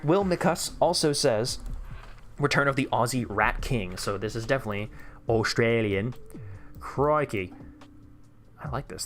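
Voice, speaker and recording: Excitable young man streaming games. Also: mid-range voice. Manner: excitable, chatty, reads chat aloud. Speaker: livestream host. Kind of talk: casual live-stream commentary. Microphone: desk microphone.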